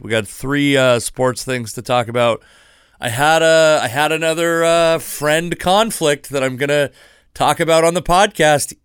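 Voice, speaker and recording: A man in his thirties talks through his solo podcast in a loose, rambling way. He stops and restarts often and makes self-deprecating asides. His voice sits at an ordinary middle pitch, recorded dry and close with little room sound. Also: fairly bright tone, clear, resonant tone, dry recording. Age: 30s. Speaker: podcast host. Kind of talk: casual solo podcast talk.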